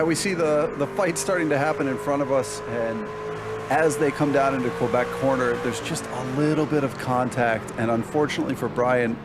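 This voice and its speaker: A man giving relaxed, explanatory color commentary on a sim race, breaking down passes and racing lines. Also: medium pitch. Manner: relaxed, explanatory analysis with fillers. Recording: noticeable background noise.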